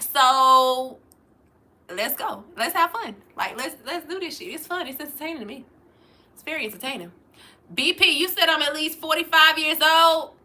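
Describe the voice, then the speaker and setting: A woman, hosting a livestream, reading out chat comments and loudly mocking trolls, cursing freely. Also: sits high. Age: 40s. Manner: loud, profane and mocking, calling out trolls. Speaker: livestream host.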